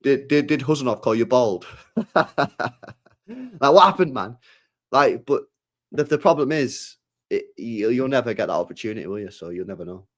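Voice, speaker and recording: A young man, hosting a casual football stream, rambling in slangy, animated asides. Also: medium pitch, normal speed, pauses often. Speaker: football channel host. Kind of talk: casual livestream chat.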